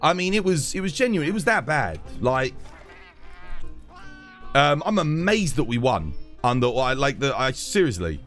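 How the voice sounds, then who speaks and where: A man with a London accent, talking with viewers on a live game stream. His voice swings up and down in pitch as he rambles emphatically through his points, with faint music playing softly underneath. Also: very animated, normal speed. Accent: London English. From England. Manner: emphatic and rambling, with frequent restarts.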